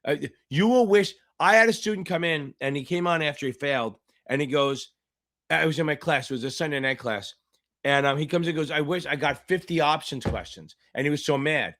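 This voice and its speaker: A man tutoring for a finance exam, hosting a livestream Q&A, loud and profane, hyping viewers up and answering chat questions. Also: fairly high pitch, brisk. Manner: loud, profane, hyped-up coaching.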